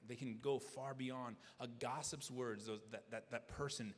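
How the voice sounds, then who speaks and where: A man's voice: mid-range voice, fairly even intonation, unhurried. A man preaching a sermon as pastor, earnest, often restarting his phrases. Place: church sanctuary. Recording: long church hall reverb.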